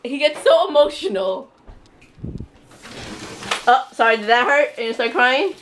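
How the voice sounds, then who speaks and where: A woman chatting casually in her family vlog at home in the kitchen, teasing and giggling in a lively way. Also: high-pitched, measured pace, a little hiss or hum. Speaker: family vlogger, mother.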